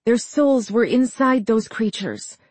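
A narrator voices a frightened young woman. She speaks in a shaky, strained way, noticeably higher than the narration. The storybook reading is unhurried and dry. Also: big pitch swings, darkish tone, husky, dry recording, exaggerated voice.

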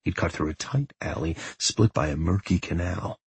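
A man reading a novel aloud as an audiobook narrator, in a steady, measured storytelling manner. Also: low voice, breathy edge, dry recording. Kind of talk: scripted narration.

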